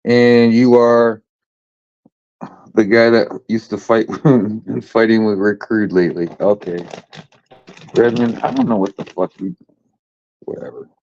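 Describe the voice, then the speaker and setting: A man's voice: fairly low pitch, steady tone, measured pace, long pauses, darkish tone. A man hosting a casual livestream, rambling and swearing, teasing his chat in a lazy sing-song. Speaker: livestream host. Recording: dull lo-fi stream audio.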